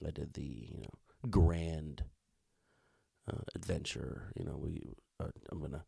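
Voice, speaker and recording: A man in his thirties tells a rambling story on a podcast, full of swearing and asides. His voice sits very low and has a gravelly edge. The sound is dry and close. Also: unhurried, dark tone, dry recording. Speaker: podcast co-host. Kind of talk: casual chat.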